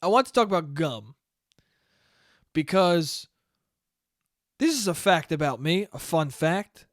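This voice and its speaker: A young man talking alone into a close mic for his podcast, rambling and cursing freely while making fun of himself. His voice sits high and swoops around a lot, and the sound is dry with no room echo. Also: lively intonation, slow pace. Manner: rambling, profane, self-deprecating. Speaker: podcast host. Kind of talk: casual solo monologue.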